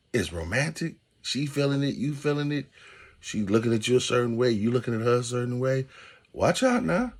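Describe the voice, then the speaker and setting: A man in his thirties hosting a casual podcast monologue, animated and preacherly, talking straight to his listeners. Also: medium pitch, slightly rough. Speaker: podcast host.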